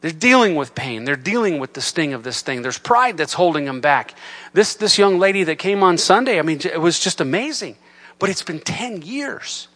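A man delivers a sermon to his congregation in a church, his voice sitting a little high for a man. He reads scripture in a solemn, measured cadence. Between readings he drops to soft, low talk, then rises to loud, raised preaching. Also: lively intonation. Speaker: pastor. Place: church sanctuary.

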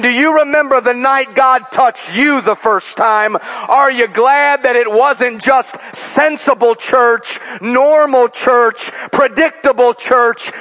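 A man's voice: very high voice, sharp tone. A middle-aged male preacher from the Chicago area, telling stories and building to fervent exhortation in a sermon. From Chicago area, Illinois. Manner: storytelling, rising to fervent exhortation. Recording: dull lo-fi sound.

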